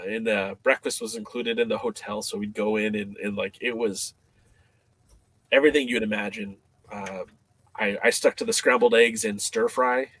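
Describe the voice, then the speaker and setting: A man as a podcast guest, telling a story in a casual, animated way, with many fillers and restarts. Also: on the low side, no room sound.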